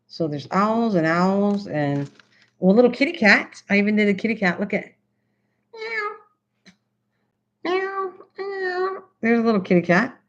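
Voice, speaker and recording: A woman hosting a casual craft livestream, chatting excitedly and answering her chat as she goes. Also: mid-range voice, fairly quick. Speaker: livestream host. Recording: slightly dull lo-fi stream audio.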